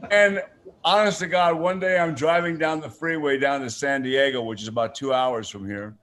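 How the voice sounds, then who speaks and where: An older man, a radio guest, telling stories in casual chat, animated and laughing often as he acts out the people in them. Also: a little high, moderate pace, slight background noise. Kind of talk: casual storytelling on a radio show.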